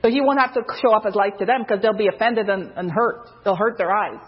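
A woman preaching an informal sermon, loose and conversational, with many fillers, who jumps higher in pitch when she quotes someone. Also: a little fast, husky. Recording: dull lo-fi recording.

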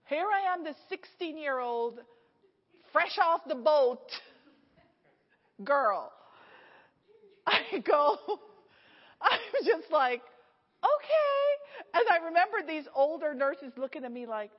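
A middle-aged woman preaching a storytelling sermon, animated, laughing often and acting out the people in her story. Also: high-pitched, slow, pauses often. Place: church hall. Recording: echoey hall, slightly dull sound.

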